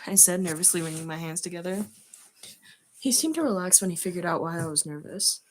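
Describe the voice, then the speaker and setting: A woman's voice: on the low side, lively intonation, fairly quick. Giggly woman reading fan fiction aloud. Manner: giggly, breaks off to comment. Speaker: streamer.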